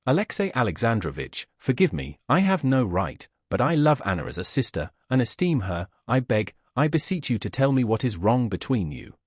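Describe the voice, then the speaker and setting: A man's voice: mid-range voice, very animated, moderate pace, hardly any pauses, darkish tone, husky, no echo, clean studio sound. A man doing an anxious pleading young wife. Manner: pleading, agitated, repeating herself.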